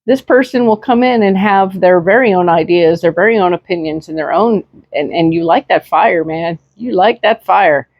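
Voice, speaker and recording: A woman's voice: fairly low pitch, normal speed, few pauses, no echo, muffled recording. A woman giving a casual tarot reading in a chatty, reassuring way, with many fillers and tag questions, speaking into a desk microphone. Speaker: tarot reader.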